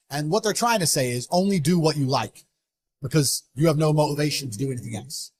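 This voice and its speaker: A man giving an interview, talking in a blunt, forceful, emphatic way. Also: on the high side, expressive, brisk. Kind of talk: motivational interview talk.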